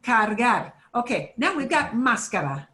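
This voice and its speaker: An American woman teaching a beginners' Spanish class, slowly and patiently saying words for learners to repeat. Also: a little high, sing-song, pushed and bright, reverberant, a little hiss or hum. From United States. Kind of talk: classroom pronunciation lesson.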